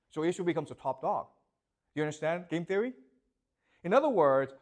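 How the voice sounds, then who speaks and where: A man's voice: fairly high pitch, a little mellow. A man giving a classroom lecture, posing rhetorical questions and constantly checking that his students follow.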